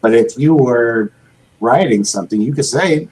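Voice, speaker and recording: A man's voice: mid-range voice, moderate pace, darkish tone, slightly rough, poor audio. A man hosting a casual panel over a video call, steering the talk with questions. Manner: guiding, asks panelists questions. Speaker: host.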